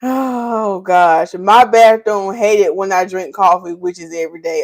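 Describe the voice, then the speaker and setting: A woman's voice: medium pitch, measured pace. A woman from North Carolina, hosting a casual livestream, reading viewers' comments aloud and teasing them with lots of laughter. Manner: laughs often, teasing, animated, Southern Black vernacular. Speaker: hair care livestream host.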